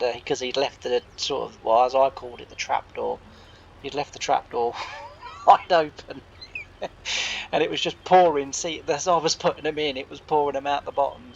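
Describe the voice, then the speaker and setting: A man's voice: mid-range voice, gravelly, highs cut off, a little hiss or hum. A man who hosts a farming game channel, telling a long, meandering farm story full of reported speech. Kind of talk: rambling anecdotal storytelling.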